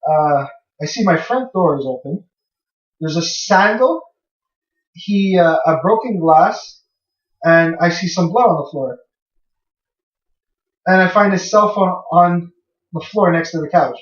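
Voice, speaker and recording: Young male co-host, slightly high voice, loose swearing storyteller; dull lo-fi sound, distant from the mic. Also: normal speed. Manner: rambling, swears freely, acts out his own past lines. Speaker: podcast co-host. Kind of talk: casual storytelling. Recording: echoey room, far from mic, dull lo-fi.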